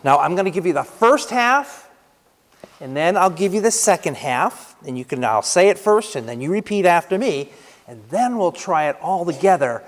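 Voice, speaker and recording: A man preaching a sermon as pastor in a conversational way, with lively shifts of emphasis. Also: high-pitched, moderate pace. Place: church sanctuary. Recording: reverberant church hall.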